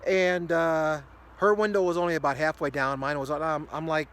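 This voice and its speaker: A man's voice: a little high, steady tone, normal speed, fairly bright tone. A man in his sixties telling a rambling everyday story to camera, with many fillers and restarts. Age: 60s. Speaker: ministry video host.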